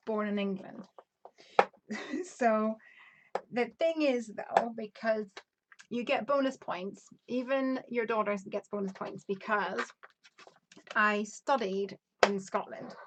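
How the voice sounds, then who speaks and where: A woman in her thirties from Northern Ireland, with a softened Northern Irish accent, hosting a crafting live stream in a casual, upbeat way, reading out viewer comments and thinking aloud while she works. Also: medium pitch, takes it slowly, long pauses, noisy background. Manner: chatty and upbeat, laughs often, thinks aloud while measuring.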